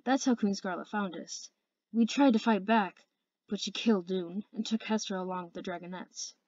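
A woman's voice: medium pitch, moderate pace, darkish tone, no room sound, highs cut off, natural voice. A woman voicing an anxious, guilty male sea dragon who falters and defends himself in a storybook reading. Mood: defensive.

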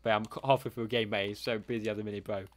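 A man's voice: lowish voice, flat delivery, racing. A man streaming a shooter game live, chatting with his teammate and thanking viewers, calling everyone mate and bro. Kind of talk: live game commentary with viewer shout-outs.

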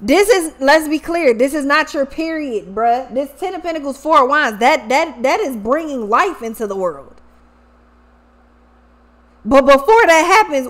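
A woman's voice: high-pitched, measured pace. A woman giving a casual tarot reading, talking animatedly with lots of slang and swearing, often acting out what people might say. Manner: animated, profane, acts out quoted people. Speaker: tarot reader.

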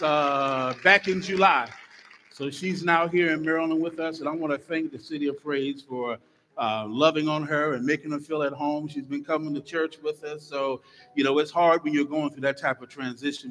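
A middle-aged man, a guest minister, opening his sermon with lively, joking stories for the congregation in a church. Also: on the high side, slight background noise. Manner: lively storytelling, jokes with the congregation. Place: church sanctuary. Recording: long church hall reverb.

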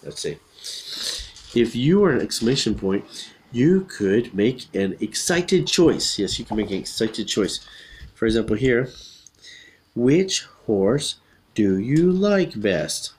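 A man teaching English by reading a children's picture book aloud, explaining patiently and repeating each line, then bursting into loud acted shouts. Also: fairly low pitch, big pitch swings, a little slow.

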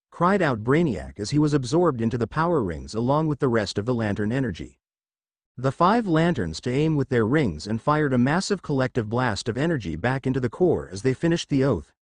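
A man narrating a fan fiction story in a steady, expressive reading voice. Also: medium pitch, brisk, no room sound.

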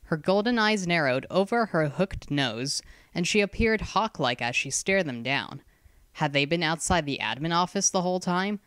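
A narrator reads a fantasy chapter in steady, scripted storytelling. The voice is smooth and resonant, sitting in the middle of the pitch range. The recording is close and dry. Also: normal speed, dry recording. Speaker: audiobook narrator.

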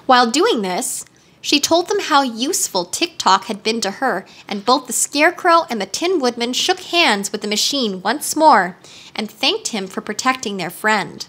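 A woman reading a children's storybook aloud with steady, clear narration. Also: on the high side, normal speed. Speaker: reader.

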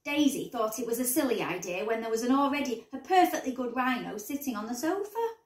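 A woman teacher reading a bedtime story aloud in an expressive storybook manner, in a roomy recording. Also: fairly high pitch, fairly quick, far from the mic. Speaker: primary school teacher. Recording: roomy echo.

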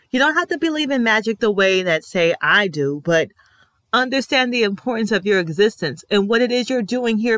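A woman records a heartfelt reaction vlog, speaking slowly and deliberately. She leans on repeated, emphatic affirmations, with a sincere, emotional edge. Her voice sits at an ordinary middle pitch in a dry, close recording. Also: fairly bright tone, no room sound. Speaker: TV reaction vlogger. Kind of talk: reflective reaction commentary.

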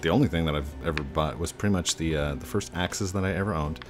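A man's voice: extremely low pitch, fast talker, music in the background. A man hosting a gameplay video, chatting casually while he plays, teasing his guest and laughing often. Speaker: gaming video host.

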